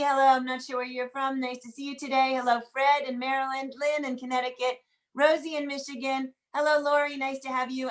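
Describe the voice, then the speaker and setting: A woman hosting an online group singalong over a video call, greeting people quickly and giving announcements in an upbeat, casual way. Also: sits high, a bit bright.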